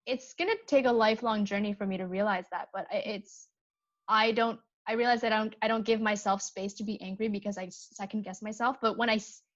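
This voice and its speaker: A woman's voice: mid-range voice, steady tone, brisk. Earnest woman guest, slightly lo-fi. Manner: reflective, earnest, frank. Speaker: podcast guest, actor and improviser. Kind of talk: casual chat.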